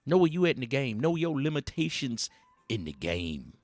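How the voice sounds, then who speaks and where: Animated streetwise man preaching dating game. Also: mid-range voice, normal speed, faint music behind. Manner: streetwise slang, preachy and rambling; animated, chuckles between points. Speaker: host. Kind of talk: satirical dating advice monologue.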